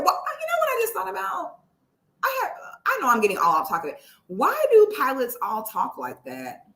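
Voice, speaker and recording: A woman vlogger telling a story in a casual, comic way, animated, with loud exclamations and cursing, speaking straight to her viewers. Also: high-pitched, moderate pace, gravelly. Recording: echoey room.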